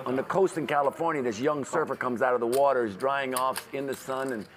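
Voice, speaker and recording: A man playing poker who tells drawn-out jokes with restarts. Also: medium pitch. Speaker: poker player. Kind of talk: telling jokes at the table.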